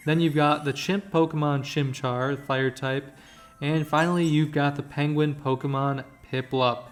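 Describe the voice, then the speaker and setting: A man's voice: mid-range voice, little pitch movement, normal speed, faint music behind. A man hosting a let's-play, giving joking, rambling commentary over the game. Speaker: gaming channel host.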